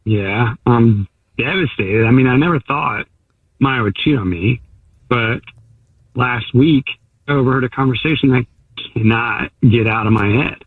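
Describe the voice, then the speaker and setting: A man's voice: medium pitch, unhurried, dry recording. Guy calling in on a tinny phone line, unsure, lots of ums, dry sound. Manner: hesitant, with fillers and restarts. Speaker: caller. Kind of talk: phone-in account to a radio show.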